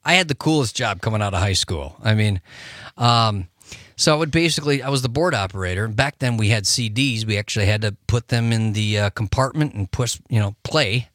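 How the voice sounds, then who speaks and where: Radio guest, male, low voice, dry close sound, rambling storyteller. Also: brisk, a bit bright, no echo. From Wisconsin. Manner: rambling, chatty, laughs often. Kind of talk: casual interview chat.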